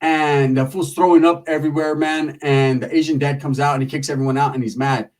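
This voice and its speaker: A man tells a profane, comedic street story in loose slang, animatedly acting out the people in it with lots of quoted lines. His voice is on the high side and fairly quick, recorded from a distance.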